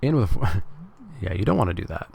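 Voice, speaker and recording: A man's voice: fairly low pitch, big pitch swings, a little fast, creaky, darkish tone, slightly rough. A Canadian man giving casual, wry live commentary as he plays a card game and jokes with his chat. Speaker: streamer.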